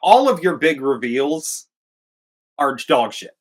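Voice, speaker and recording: A man's voice: a little high, very animated, slow pace. A man co-hosting a casual movie review podcast, crude and mocking as he retells scenes. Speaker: podcast co-host.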